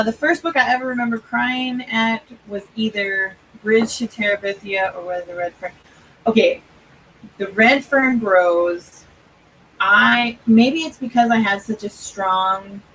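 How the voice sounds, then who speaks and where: A woman's voice: medium pitch, fairly bright tone, far from the mic, slight background noise, low-quality recording. A woman hosting a casual livestream, reading viewer comments aloud and chatting about books. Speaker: livestream host. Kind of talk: casual chat.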